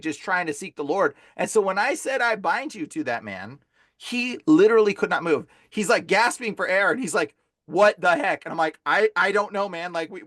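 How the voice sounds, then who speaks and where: A man guest, a deliverance minister, telling a story in a casual, animated way, full of "like" and "bro". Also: sits high, dry recording, studio quality.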